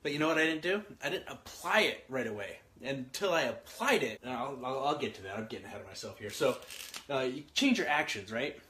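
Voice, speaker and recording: A man, likely in his thirties, giving a casual motivational talk, energetic and repetitive, asking his listeners questions as he writes out an outline. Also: mid-range voice, fairly quick. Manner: energetic, repeats himself, asks the listener questions; works through an outline, writing as he talks. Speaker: motivational speaker.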